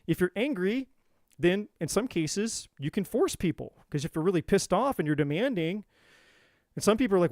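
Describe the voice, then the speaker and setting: Man, tarot livestream host, high voice, dry close sound, animated, acts out voices, casual swearing. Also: a little fast, no echo. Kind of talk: live-stream teaching talk.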